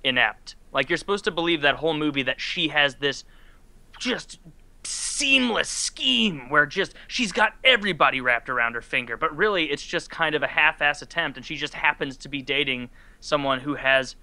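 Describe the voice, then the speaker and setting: A man's voice: on the high side, lively intonation, normal speed, sharp tone. A man in casual chat on a video call, blunt and opinionated, swearing freely.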